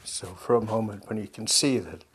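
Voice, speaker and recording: A man telling a personal story to a group in a reflective, conversational way, often restarting his sentences and laughing softly. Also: on the low side, slight background noise. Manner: halting and self-correcting, with frequent soft laughs; musing and conversational. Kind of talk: reflective spoken talk with anecdote.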